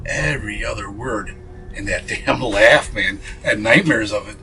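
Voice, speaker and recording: A man's voice: on the low side, moderate pace, sharp tone, low-quality recording. A man being interviewed as a paranormal investigator, telling a ghost story earnestly, with many fillers and restarts.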